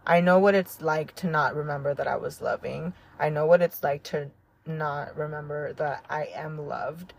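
A woman with a notably low, deep speaking voice hosts a reflective solo podcast. She talks in an earnest, heartfelt way that wanders as she thinks aloud, with frequent fillers and soft laughs. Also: fairly even intonation, moderate pace, gravelly. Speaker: podcast host.

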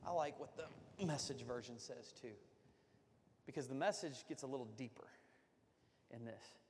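A man's voice: mid-range voice, normal speed, darkish tone, slight background noise. A man preaching a sermon as pastor, talking to his congregation in a loose, conversational way and joking with them. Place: church sanctuary. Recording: long reverb of a church hall.

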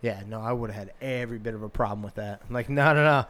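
A man's voice: on the low side, level tone, quick pace, slight background noise. A man co-hosting a podcast, chatting in a laid-back way and laughing often. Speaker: podcast co-host. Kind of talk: casual chat.

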